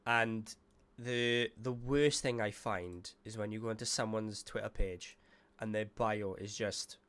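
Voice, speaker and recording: A man's voice: fairly low pitch, fairly even intonation, unhurried, fairly bright tone, clear, resonant tone. A man hosting a casual panel chat, talking in a chatty, meandering way and correcting himself as he goes.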